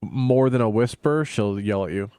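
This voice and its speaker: A man on a radio show crew, talking in a quick, dry, matter-of-fact way. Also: fairly low pitch, mellow, clear, resonant tone, dry recording. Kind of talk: casual radio banter.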